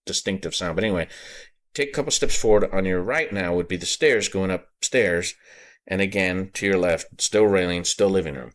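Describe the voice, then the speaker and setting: A man hosting a podcast, telling a personal story in a halting way, repeating words and getting choked up. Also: low-pitched. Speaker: podcast host.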